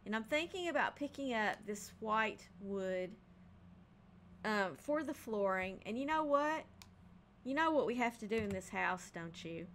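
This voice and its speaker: A woman's voice: on the high side, animated, unhurried, fairly bright tone, slight background noise. A woman casually narrating her home build in a game, thinking aloud with frequent ums and hesitations. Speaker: game building video creator.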